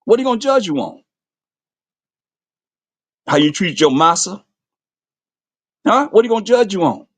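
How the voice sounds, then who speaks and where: A man's voice: very animated, measured pace, pauses often, slightly rough, no room sound. Fiery preacher man with a dry sound. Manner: impassioned, rhetorical questions, voice jumps high when mocking. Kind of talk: fiery street-style scripture sermon.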